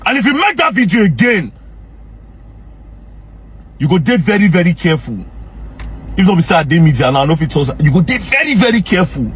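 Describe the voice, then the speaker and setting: A young man with a Nigerian Pidgin English accent, ranting angrily and confrontationally straight to camera as a social media commentator, often breaking into shouts. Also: high-pitched, very animated, a little fast, pauses often, breathy edge. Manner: angry, confrontational, repeatedly shouting. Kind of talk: heated direct-to-camera rant.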